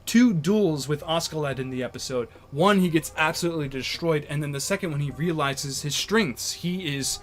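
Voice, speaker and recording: A man's voice: a little high, moderate pace, hardly any pauses. A young man giving casual, enthusiastic video commentary as an anime reviewer, rambling with many fillers and restarts.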